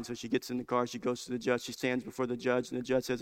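A man's voice: medium pitch, completely flat delivery, fast talker, few pauses. A man preaching a sermon, telling a story and rising into fervent, emphatic preaching.

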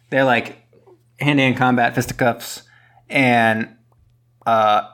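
A man's voice: mid-range voice, a bit bright. A rambling man recapping a movie. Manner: rambling, retells plot with quick impressions. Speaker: podcast co-host. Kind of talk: casual movie recap chat.

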